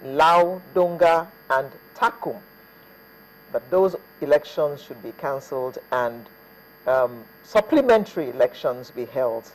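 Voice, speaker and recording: Slightly high-voiced male TV show host. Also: poor audio. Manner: chatty, hesitant fillers, reads names off a list. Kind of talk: TV news talk show presenting. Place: TV studio.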